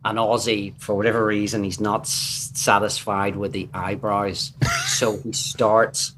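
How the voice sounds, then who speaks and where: Northern Irish male guest, low voice, lively raconteur who acts out his anecdotes. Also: a little slow, slight background noise. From Northern Ireland. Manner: animated storyteller who acts out quotes. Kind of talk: casual storytelling chat.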